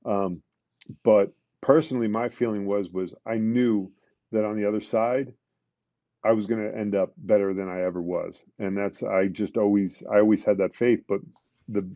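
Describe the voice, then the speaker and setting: A man, a retired police detective, telling his story as a guest in a conversational interview, halting with many fillers and restarts. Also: on the low side, dark tone, no echo, lo-fi sound.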